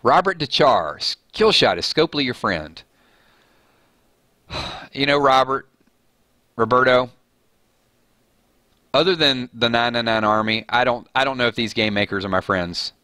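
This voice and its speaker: A chatty man with a Southern US drawl hosts a relaxed live stream, reading out viewer comments and poking fun at himself. His voice is bright and forward, recorded close and dry with no room sound. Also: mid-range voice, unhurried, pauses often, no echo. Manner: chatty, reads viewer comments aloud, joking and self-mocking. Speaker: live chat host. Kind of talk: casual live-stream chat.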